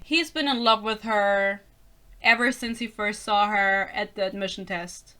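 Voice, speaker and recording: A woman's voice: medium pitch, measured pace, sharp tone, clean tone. A young woman reviewing a book in a casual rant, sarcastic and exasperated, swearing often and breaking into laughter; English is not her first language.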